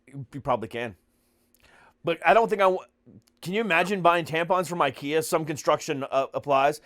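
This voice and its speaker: A man's voice: a little high, fairly quick, a bit bright, no room sound, clean studio sound. A man hosting a podcast in casual chat, joking and rambling with many fillers. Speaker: podcast host.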